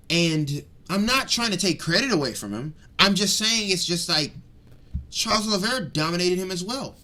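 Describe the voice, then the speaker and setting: Fired-up young guy ranting about fights. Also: on the high side. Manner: excitable, rambling, swings between loud rants and mutters. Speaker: MMA commentary vlogger. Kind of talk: fired-up casual fight breakdown.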